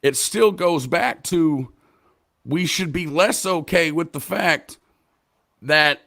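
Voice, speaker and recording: A man hosting a casual podcast discussion, talking with profanity and rising into passionate rants between quieter stretches. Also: a little slow, creaky. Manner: profane, impassioned, swings from low mumbles to loud rants. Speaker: podcast host.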